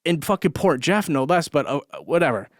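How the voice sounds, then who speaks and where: A young man on his vlog delivers a long, casual story a little fast, his voice on the high side with lively intonation. It meanders, with cursing, frequent laughs and many fillers. The studio-quality recording has no echo.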